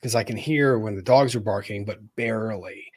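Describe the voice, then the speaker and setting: A man's voice: on the low side, fairly quick, a little mellow. A male co-host in casual chat, explaining his points earnestly.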